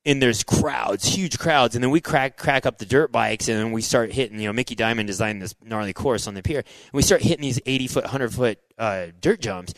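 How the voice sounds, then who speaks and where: Excitable man telling stories, says dude a lot. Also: mid-range voice, a little fast, hardly any pauses, no echo, poor audio. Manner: excitable, says "dude" and "like" a lot, acts out his own past thoughts. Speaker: interview guest, former motocross racer. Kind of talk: animated storytelling in casual interview.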